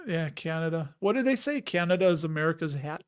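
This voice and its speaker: A man in his fifties with a fairly high voice hosts a casual investing livestream. He chats loosely with viewers, cracking jokes and laughing often as he wanders between asides. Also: expressive, brisk, smooth. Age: 50s. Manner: chatty, jokey, laughs often, rambling asides. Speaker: host of a dividend investing livestream. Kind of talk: casual livestream chat reading viewer comments.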